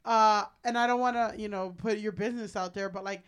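A woman's voice: medium pitch, steady tone, brisk, clear, resonant tone. A woman hosting a podcast, asking her guest questions in an encouraging, hesitant way. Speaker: podcast host. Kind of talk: casual chat.

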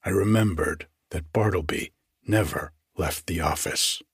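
A man reading a classic story aloud in a deliberate, formal narrating manner. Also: low voice, breathy edge, dry recording, clean studio sound. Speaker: audiobook narrator.

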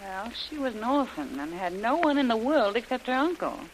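An actor playing a recovering young adventurer, eager and quick to interrupt, in a hissy old radio drama. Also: male voice, extremely high pitch, very animated, poor audio. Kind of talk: 1930s radio drama acting.

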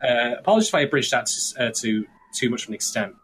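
A man hosting a casual podcast, talking in a measured, hedging way with many fillers. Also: mid-range voice, lively intonation, fairly bright tone, a little hiss or hum. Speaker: podcast host summarizing the episode.

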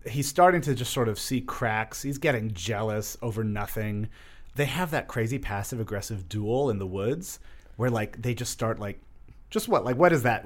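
A young man co-hosting a podcast, talking casually and animatedly with lots of fillers. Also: mid-range voice. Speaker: podcast co-host. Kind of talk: casual chat.

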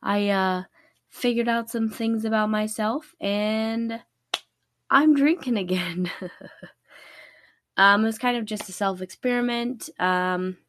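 A young woman with a sore, raspy throat hosts a true-crime podcast in an unhurried, rambling way, cursing offhandedly and poking fun at herself. Her speech is slow and the recording is dry and close, made on a laptop. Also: medium pitch, a bit bright, no room sound. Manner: rambling, swears casually, self-deprecating. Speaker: podcast host.

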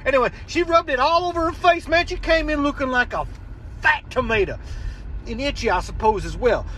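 A man with a high voice calls in by phone, rambling and stammering and losing track of his point. Faint traffic noise from outside sits under his voice. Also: fairly quick, bright, forceful tone, low-quality recording. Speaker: caller.

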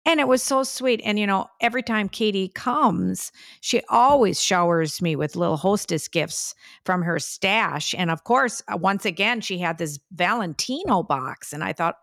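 A middle-aged woman recounting a family moment, quoting herself as she goes. Her voice has a gravelly fry, and the recording is dry and close. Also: medium pitch, animated, normal speed, hardly any pauses, dry recording. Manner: warm, chatty storyteller, quotes herself. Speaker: guest, the co-host's mother. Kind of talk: casual storytelling.

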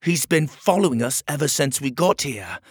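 A man's voice: mid-range voice, lively intonation, moderate pace, breathy edge, no room sound, clean studio sound, pitched above the performer's own voice. A man voicing a determined young male hero with an urgent, defiant delivery.

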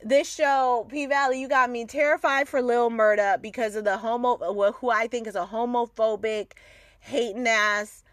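A woman's voice: on the high side, steady tone, normal speed, fairly bright tone, dry recording. Blunt, outspoken woman podcaster, dry close sound. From Southern United States. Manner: candid, profane and opinionated, laughs often. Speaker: podcast host reviewing a TV series. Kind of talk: casual solo podcast commentary.

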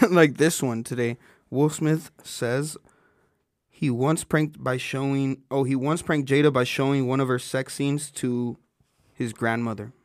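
A man's voice: medium pitch, fairly even intonation, a little slow, dry recording, clean studio sound. A young man in casual chat who laughs often and keeps asking questions.

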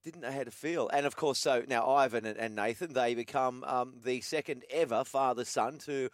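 A man's voice: mid-range voice, moderate pace, no room sound, studio quality. A man with an Australian accent hosting a talkback radio show, chatty and laid-back, putting questions to callers and his co-host.

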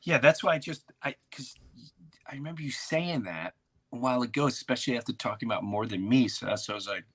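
A man hosting a podcast, telling a neighborhood story in casual chat and acting out quotes with loud, animated outbursts. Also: mid-range voice, fast, husky. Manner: animated, acts out shouted quotes. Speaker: podcast host.

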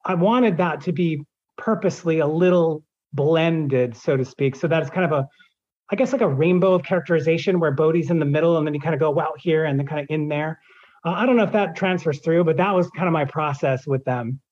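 A man's voice: fairly high pitch, brisk, a little mellow, muffled recording. A man who narrates audiobooks, answering in an interview and explaining his process at length with examples.

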